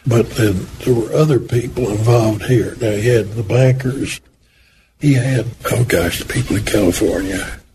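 A man's voice: on the low side, moderate pace. Older man telling folksy stories, noisy tape. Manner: folksy, anecdotal, acts out quoted dialogue. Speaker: interviewee recalling a former boss. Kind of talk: oral history storytelling.

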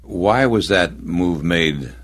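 A man's voice: sits low, lively intonation, takes it slowly, fairly bright tone. A man interviewing someone for an oral history, asking short, plain questions.

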